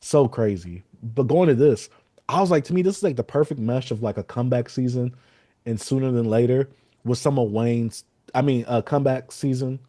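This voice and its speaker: Guy on a podcast breaking down an album, mellow voice, dry close sound, acts out lines. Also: medium pitch, a little fast, dry recording. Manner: animated, quotes lyrics and acts out reactions. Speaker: podcast co-host. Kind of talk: casual album review chat.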